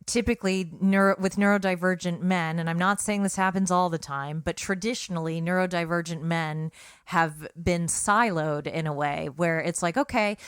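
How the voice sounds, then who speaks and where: Earnest, clear-voiced woman podcast host. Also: fairly low pitch, steady tone, moderate pace, no echo, studio quality. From Britain. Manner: earnest, emphatic, with frequent restarts. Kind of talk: casual podcast discussion.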